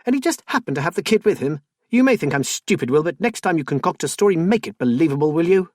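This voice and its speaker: A man voicing a suspicious, volatile middle-aged wife in an audiobook, raising his husky voice to sound sharp and accusing. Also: high-pitched, very animated, moderate pace, no room sound, clean studio sound, recorded from a distance, pitched above the performer's own voice, exaggerated voice.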